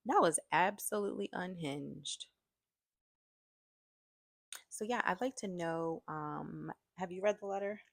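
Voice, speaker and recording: A woman's voice: on the low side, measured pace, creaky, long pauses, no echo. A woman giving frank, exasperated casual commentary in a vlog, with many filler words. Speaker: online commentator.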